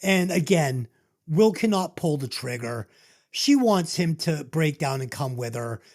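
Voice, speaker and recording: Podcast co-host, casual movie chat, animated pitch, emotional, choked up, swears a lot. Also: measured pace, creaky.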